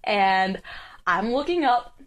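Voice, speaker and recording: A young woman co-hosting a podcast, telling a story in a casual, animated way, swearing and acting out what people said. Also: mid-range voice, takes it slowly, rough recording. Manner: animated, acts out quoted voices, swears. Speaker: podcast co-host.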